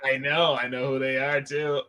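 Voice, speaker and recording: A man's voice: medium pitch, moderate pace. A man co-hosting a podcast, joining a casual movie review and telling stories with animation. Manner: animated storyteller, laughs. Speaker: podcast co-host.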